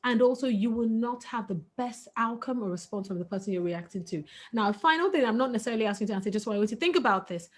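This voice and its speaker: Earnest, higher-voiced woman giving parenting advice. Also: animated, fast talker, few pauses. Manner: earnest, emphatic, breaks into laughter. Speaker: guest speaker on parenting.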